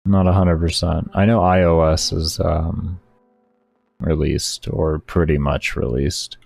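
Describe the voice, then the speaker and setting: Deep-voiced man chatting with his stream. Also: steady tone, slow pace, creaky, a little mellow, slightly rough. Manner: laid-back, slangy, talking to viewers. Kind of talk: casual chat with live chat. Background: faint background music.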